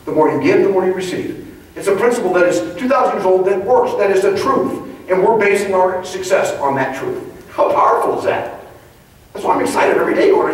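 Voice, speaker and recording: A man giving an emphatic motivational speech at a sales training event, preachy and building to excited outbursts. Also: a little high, a little hiss or hum. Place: large event hall. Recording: echoey hall recorded from far off.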